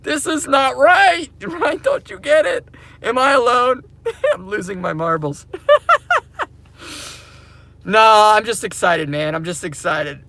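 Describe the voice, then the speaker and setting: A man ranting casually to camera as a crypto mining vlogger, excitable and slangy, laughing often. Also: high-pitched, takes it slowly, gravelly, long pauses, dry recording.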